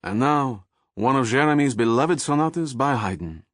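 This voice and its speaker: A man's voice: mid-range voice, expressive, normal speed, fairly bright tone, no echo, clean studio sound, voice pushed up, lightly acted. A man voicing a pompous male museum director delivering a droning, formal eulogy. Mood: solemn.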